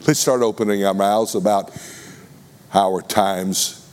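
A man preaching a sermon to a congregation in a slow, deliberate, emphatic way. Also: lowish voice, steady tone, darkish tone. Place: congregation room.

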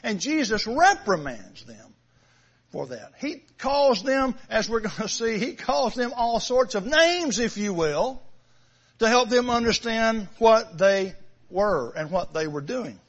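A man's voice: high voice, big pitch swings, takes it slowly, fairly bright tone. A man preaching a sermon, emphatic, repeating phrases and stressing key words. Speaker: pastor. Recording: dull lo-fi sound.

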